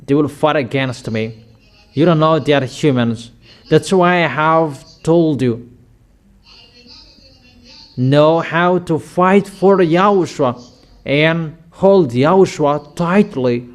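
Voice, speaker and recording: Male preacher, slow and emphatic, higher-pitched, sudden loud outbursts. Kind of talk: sermon.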